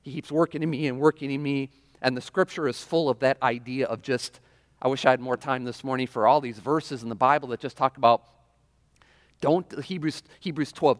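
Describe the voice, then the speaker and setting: A man's voice: medium pitch, steady tone, brisk. Male pastor, casual chatty sermon delivery, frequent audience check-ins, voice carrying a long church-hall reverb. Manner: conversational preaching with frequent "right?" and audience questions. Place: church sanctuary.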